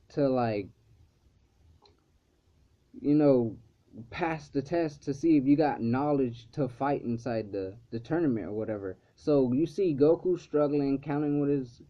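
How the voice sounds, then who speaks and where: A man casually recapping a cartoon episode, rambling with lots of fillers and swearing freely. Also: medium pitch. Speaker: episode reviewer. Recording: slightly dull lo-fi recording.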